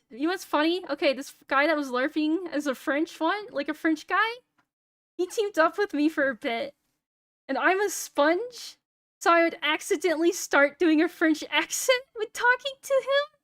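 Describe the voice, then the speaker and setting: A young woman streamer chats on a close, dry mic, with a high, light voice. She swears freely, laughs easily, and jokes at her own expense. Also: expressive, moderate pace, a bit bright, dry recording. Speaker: VTuber streamer. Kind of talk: casual stream chat.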